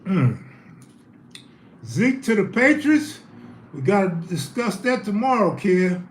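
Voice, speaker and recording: A man's voice: high voice, sing-song, slow. A man hosting a casual live stream, out of breath, joking and reading viewer comments in loose slang. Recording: roomy echo, faint background hum.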